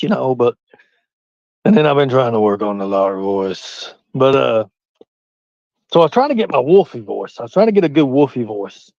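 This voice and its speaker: A man's voice: medium pitch, big pitch swings, brisk, darkish tone, dry recording, lo-fi sound. A man with a Southern US hillbilly accent, rambling and swearing freely on a casual livestream while he reads chat aloud. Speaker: livestream host.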